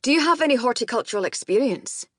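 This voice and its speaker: A gruff Scottish garden boss. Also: female voice, on the high side, animated, quick pace, no echo, studio quality, pitched above the performer's own voice. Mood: brusque questioning. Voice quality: gruff, disapproving, barking. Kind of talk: audiobook character voice.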